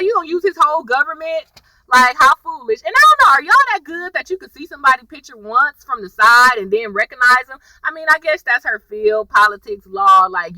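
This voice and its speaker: A woman's voice: fairly high pitch, bright, forceful tone, no echo, low-quality recording. A woman, casually recapping a TV episode for viewers, chatty and sassy, calling them y'all.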